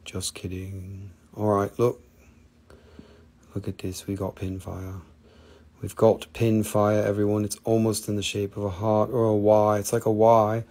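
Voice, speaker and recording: A man's voice: lowish voice, flat delivery, measured pace, warm tone. Joking man in his forties hawking stones. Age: 40s. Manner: playful, rambling, jokey, swears casually. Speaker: host of a live gemstone sales stream. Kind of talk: casual live-stream sales chat.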